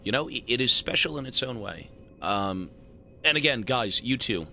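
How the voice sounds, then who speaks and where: Bright, excitable male streamer. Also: mid-range voice, normal speed, creaky, slight background noise. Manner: excitable, swears a lot, joking banter. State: has a headache. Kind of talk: live stream chat thank-yous.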